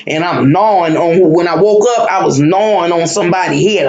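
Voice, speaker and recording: Guy rambling about a dream, emotional, stops and restarts a lot, kinda high voice, echoey room. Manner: emotional, searching, repetitive, halting. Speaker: spiritual vlogger. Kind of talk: personal monologue about a dream.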